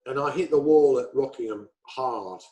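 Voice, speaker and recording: A middle-aged English man, a guest racing driver, telling stories in casual chat, animated and swearing freely. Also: medium pitch, moderate pace, poor audio.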